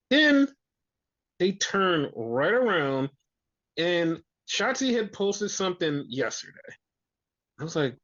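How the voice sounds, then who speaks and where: A man's voice: high-pitched, big pitch swings, a little slow. A man hosting a podcast, ranting in casual chat with frequent profanity and exasperation. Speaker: podcast host. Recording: dull lo-fi audio.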